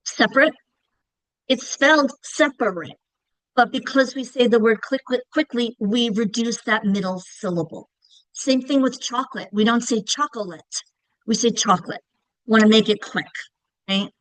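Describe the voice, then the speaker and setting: Speaking at a moderate pace in a slightly high voice, a middle-aged Long Island woman presents an instructional reading lesson. There's no echo, but the audio quality is poor. She explains as she goes and keeps checking in with a frequent "right?"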